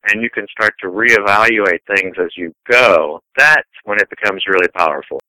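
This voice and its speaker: A middle-aged man speaking as a scientist guest, his voice sharply bright and resonant, recorded dry and close. He tells long, rambling anecdotes in easy conversation, a touch low in pitch. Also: normal speed, no room sound, rough recording. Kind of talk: casual conversational interview.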